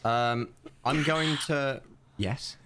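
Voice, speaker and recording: A man's voice: mid-range voice, drawn-out words, background noise. A man playing a tabletop game, joking around in casual chat. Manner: playful, jokey reactions. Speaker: player.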